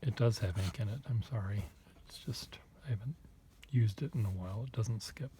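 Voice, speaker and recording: A man vlogging casually, thinking aloud in a halting, self-deprecating way, with muttered asides. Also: lowish voice, mellow, a little hiss or hum.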